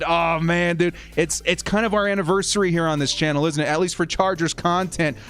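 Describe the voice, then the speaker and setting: A young man hosting a live fan stream, talking in an upbeat, chatty way as he thanks supporters and reads their comments. His voice sits a little high for a man. Soft music plays faintly underneath. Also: fairly even intonation, fairly quick, few pauses, clean tone.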